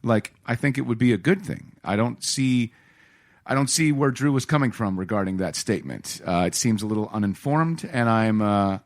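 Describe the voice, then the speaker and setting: A man co-hosting a comic book podcast, talking in an animated, casual way with frequent swearing and joke asides. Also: fairly low pitch, normal speed, dry recording. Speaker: podcast co-host.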